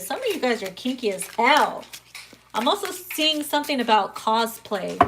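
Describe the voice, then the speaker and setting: A woman's voice: on the high side, a bit bright, a little hiss or hum. A woman giving a casual, crude, joking tarot reading, often breaking into laughter. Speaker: tarot reader.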